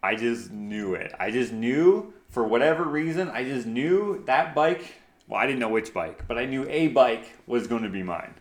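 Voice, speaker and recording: A man's voice: mid-range voice, lively intonation, normal speed. A man co-hosting a casual talk show, joking and telling stories in an easygoing way. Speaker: co-host. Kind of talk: casual podcast chat. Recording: echoey room.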